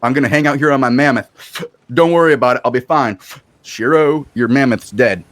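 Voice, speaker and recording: A man's voice: medium pitch, a little fast, fairly bright tone, dry recording, natural voice. A man mimicking a nonchalant slacking gamer. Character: laid-back male gamer slacking off.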